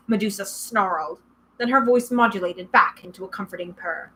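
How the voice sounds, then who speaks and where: A woman reading a novel aloud with expressive, dramatic first-person narration. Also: medium pitch, fairly quick, poor audio. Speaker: reader.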